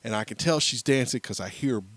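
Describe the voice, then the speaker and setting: Quick-paced and mid-range, with no echo, a thirty-something podcast co-host spins a family story during a casual conversation. He's an animated storyteller, performing each quote in the characters' voices.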